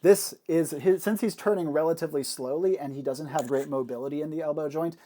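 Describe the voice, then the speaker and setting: A man running a tabletop game, describing the action in a fairly high voice. He narrates the scene at length, often pausing on small fillers as he thinks. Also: dark tone. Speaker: game master.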